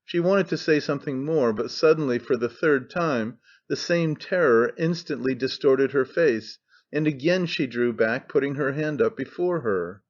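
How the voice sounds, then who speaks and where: A man reading a classic novel aloud as an audiobook narrator, in a measured, even way. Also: medium pitch, muffled recording. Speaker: audiobook reader. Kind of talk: scripted narration.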